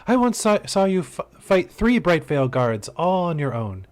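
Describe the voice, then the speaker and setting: A man's voice: on the high side, sing-song, a little slow, darkish tone. Man voicing a stern young woman guard, indignant and scolding, earnest.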